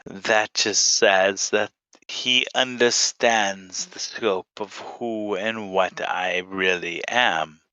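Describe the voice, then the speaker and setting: Brief: man voicing a faceless female Sith, cold and commanding, slow and low, bright edge, dry sound. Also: clean tone, dry recording, full character voice, low-quality recording. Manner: slow, flat, commanding pronouncements.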